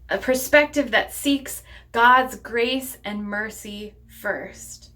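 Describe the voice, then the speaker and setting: A woman pastor delivering a sermon in a measured, deliberate preaching cadence. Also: fairly high pitch, a bit bright.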